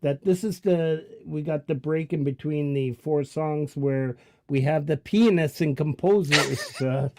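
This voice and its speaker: Slow-talking Canadian Italian man host. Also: on the high side, darkish tone, slight background noise. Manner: joking, talks with many ums and pauses. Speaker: livestream show host. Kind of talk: casual live-stream chat.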